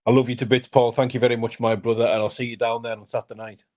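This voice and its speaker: A man speaks as a guest on a live chat. He is a fighter and talks in an intense, fired-up, sweary way. His voice sits in a middle pitch. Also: level tone, fast talker, a little mellow. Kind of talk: casual live-stream chat.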